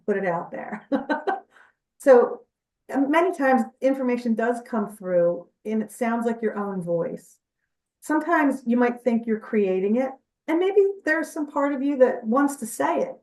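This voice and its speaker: A woman's voice: a little high, lively intonation, unhurried, a little mellow, far from the mic. Chatty woman guest in an echoey room. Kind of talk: conversational interview storytelling.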